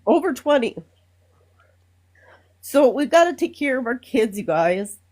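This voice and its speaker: A woman from Minnesota calling in to a live stream, speaking earnestly and emotionally with halting fillers. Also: sits high, sing-song, a little mellow. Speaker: caller. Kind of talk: casual call-in talk.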